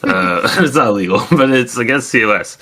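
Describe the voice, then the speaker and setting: A man's voice: medium pitch, lively intonation, brisk, bright, forceful tone, low-quality recording. A man co-hosting a podcast in casual chat, wry and offhand. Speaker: podcast co-host and streamer.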